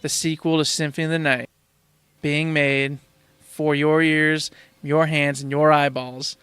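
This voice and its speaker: A man co-hosting a casual gaming podcast, excitable and speculating with lots of laughs. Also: a little high, measured pace, smooth, no echo. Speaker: podcast co-host.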